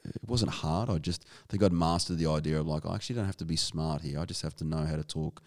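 Man, Australian accent, very low pitch, gravelly, halting casual interview talk with restarts. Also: a little mellow. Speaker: guest, strength and conditioning coach.

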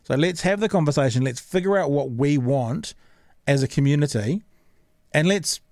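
A man's voice: on the high side, expressive, moderate pace, darkish tone, dry recording, studio quality. A man hosting a casual podcast, making his case earnestly and thinking aloud. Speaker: podcast host.

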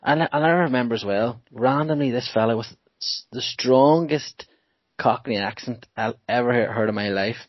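A young man telling football stories in a casual podcast chat, animated and laughing often. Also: mid-range voice, normal speed, dry recording. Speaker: podcast co-host. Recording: dull dry podcast mic.

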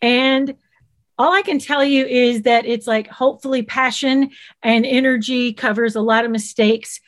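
Her warm Southern US accent and slightly high voice carry an animated, lively telling of her story. She is a middle-aged guest and children's TV creator in a casual interview, and she slips into quick impressions whenever she quotes someone.

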